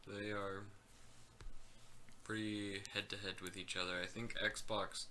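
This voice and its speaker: A man's voice: fairly low pitch, level tone, slow, bright, forceful tone, a little hiss or hum. A man co-hosting a casual gaming podcast, hedging and trailing off into "like" and "I don't know.". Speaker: podcast co-host.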